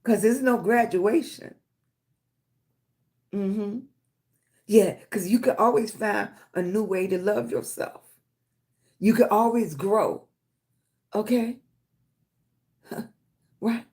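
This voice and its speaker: A middle-aged Virginia woman with a mid-range, slightly mellow voice takes her time on a livestream, pausing often. She encourages viewers and greets them lovingly by name, calling them baby and sweetie. She keeps asking "right?"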